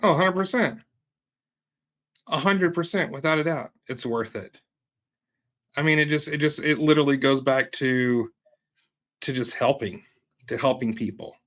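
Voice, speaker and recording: A man being interviewed as a guest, speaking haltingly and often pausing with fillers. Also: medium pitch, a bit bright. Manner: hesitant, many fillers and restarts. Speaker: guest entrepreneur. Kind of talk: conversational interview.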